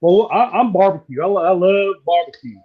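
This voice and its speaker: A man from southeastern Virginia, chatting casually while demonstrating how to fry catfish. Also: high voice, brisk. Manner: folksy, relaxed, drawling. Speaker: cooking guest. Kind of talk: casual cooking demo on a live stream. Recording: dull lo-fi stream audio.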